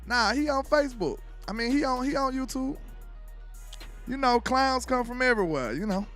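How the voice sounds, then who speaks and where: A man's voice: very high voice, animated, normal speed, a bit bright, faint music behind. A man from Alabama with a Southern accent hosts casual sports commentary, loose and trash-talking, forever asking if you know what he's saying.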